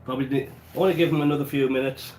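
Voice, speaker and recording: Speaking very fast in a medium-pitched, darkish voice with fairly even intonation, this English host from England chats and answers viewers during a casual baking livestream. The small home kitchen sounds roomy with slight background noise, and he's stuffy-nosed with an occasional cough.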